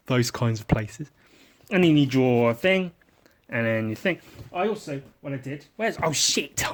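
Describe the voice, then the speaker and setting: A man hosting his own drawing podcast, rambling in a sweary, self-mocking comic monologue full of silly wordplay as he works at his desk. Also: mid-range voice. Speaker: podcast host.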